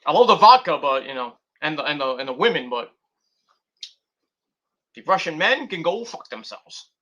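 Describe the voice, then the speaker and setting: This wrestling review vlogger's fairly high voice swings widely in pitch, sounding pushed and bright at a normal speed, though the recording is muffled. He rambles casually, cursing and veering into tangents.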